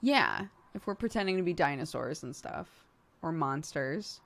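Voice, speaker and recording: A woman's voice: sits low, expressive, moderate pace, vocal fry, fairly bright tone. A woman streamer chatting casually with viewers, laughing easily and swearing now and then. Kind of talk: casual chat answering viewer questions.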